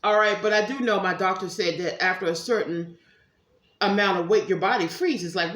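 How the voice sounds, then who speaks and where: A woman's voice: on the low side, fairly quick. Chatty woman reading tarot cards. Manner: chatty, animated, talks straight to viewers. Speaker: tarot reader. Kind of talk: casual tarot reading monologue. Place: room at home. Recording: echoey room.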